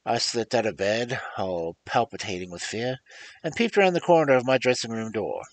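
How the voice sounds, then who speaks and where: A man reading a classic story aloud in an expressive storytelling style. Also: mid-range voice, moderate pace, low-quality recording. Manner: lively expressive reading with rises and drops. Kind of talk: audiobook reading, dramatic storytelling.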